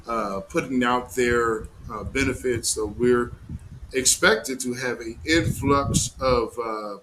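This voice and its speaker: A man's voice: mid-range voice, a bit bright, low-quality recording. A man hosting a live news commentary stream, heated and mocking, with slangy, profane talk.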